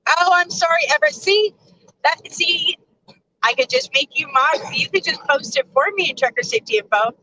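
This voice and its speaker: Bright, high-voiced chatty trucker woman. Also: lively intonation, moderate pace, rough recording. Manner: chatty, laughs often. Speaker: trucker and live-stream host. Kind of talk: casual live chat reading viewer comments. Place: truck cab on the road.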